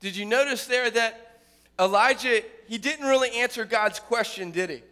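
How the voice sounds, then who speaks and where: Male preacher with a bright, high voice, delivering a dramatic sermon; long hall reverb. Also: moderate pace. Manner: dramatic preaching, building loud then dropping to a hush. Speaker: pastor.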